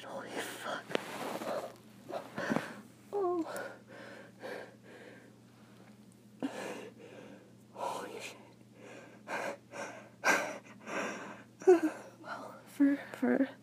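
A young woman talking in a casual vlog, out of breath and half-whispering, swearing between words. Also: on the high side. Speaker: vlogger.

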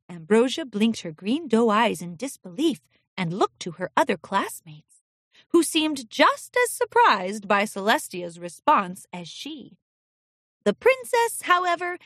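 A woman reads a storybook aloud, her fairly high voice rising and falling with lively expression. The delivery is clear and carefully paced. The recording is close and dry. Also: measured pace, no echo. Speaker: narrator. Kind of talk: storybook narration.

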